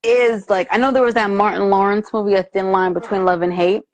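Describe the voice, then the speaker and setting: Animated woman hosting a movie chat. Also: medium pitch, fairly quick, no echo. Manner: animated, quotes lines in put-on voices, lots of laughter. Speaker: host. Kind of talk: casual movie review chat. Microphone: live video stream.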